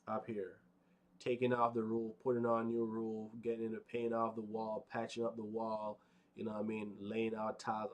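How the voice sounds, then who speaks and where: A man casually narrating a walking tour outdoors on a windy mountaintop, rambling with lots of fillers and "right?" tags. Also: medium pitch. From United States. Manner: rambling, conversational, many fillers and tag questions. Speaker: vlogger.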